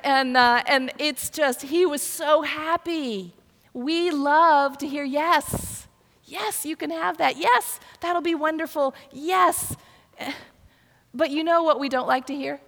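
A woman's voice: high-pitched, fairly bright tone. An older woman preaching a sermon, telling a personal story and often repeating words as she restarts. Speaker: pastor. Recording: long reverb of a hall.

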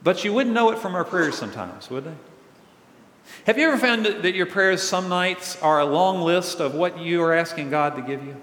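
A man's voice: high voice, expressive, normal speed, fairly bright tone. A male pastor preaching a sermon in a conversational, earnest way, asking his congregation questions. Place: large church hall. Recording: echoey hall with long reverb.

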